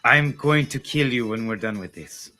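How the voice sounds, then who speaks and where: A man's voice: mid-range voice, moderate pace, pushed and bright, soft background music. A man running a tabletop role-playing game as game master, chatty and explaining the rules as he goes.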